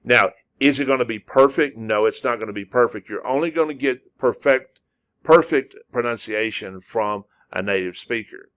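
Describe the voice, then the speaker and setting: A man teaching a casual spoken lesson as a non-native speaker. He repeats syllables slowly and uses many fillers. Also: mid-range voice, fairly bright tone. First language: English. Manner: repetitive, drawn-out demonstrations of syllables with frequent fillers. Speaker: language teacher.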